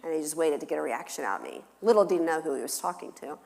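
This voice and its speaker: Woman, middle-aged, counselor, lower voice, animated storytelling, church talk, long hall reverb. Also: very fast, vocal fry. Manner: animated, acting out her kids' voices. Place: church sanctuary.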